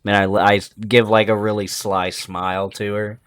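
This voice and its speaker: A man's voice: fairly low pitch, little pitch movement, normal speed, fairly bright tone, smooth, no echo. A man playing in a tabletop game, chatting in a laid-back, slangy way. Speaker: player. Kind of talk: casual chat at a tabletop game.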